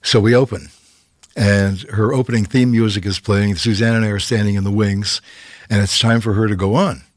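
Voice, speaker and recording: An older man from Canada tells backstage stories as a guest, lively and conversational. His voice sits a little low and sounds close and dry, with no room behind it. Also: moderate pace, no echo. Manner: lively raconteur who acts out quotes and keeps tagging okay?. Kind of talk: casual anecdotal storytelling.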